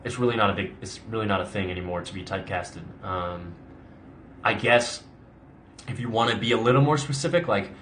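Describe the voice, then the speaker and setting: Answering viewer questions on a laid-back live stream, this young actor rambles chattily, full of "like" and false starts. He speaks a little fast in a fairly low, fairly bright voice over slight background noise.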